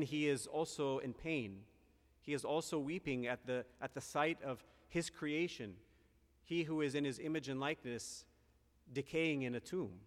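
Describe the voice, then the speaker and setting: Earnest priest preaching in a reverberant hall. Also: male voice, fairly high pitch. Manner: earnest, reflective preaching with restarts and asides. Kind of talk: sermon.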